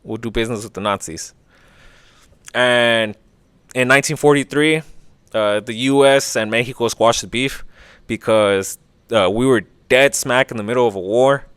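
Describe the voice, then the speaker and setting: A man hosting a casual history podcast, opinionated and profane, briefly acting out quick voices. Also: medium pitch, fairly bright tone, clear, resonant tone, dry recording. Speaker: podcast host.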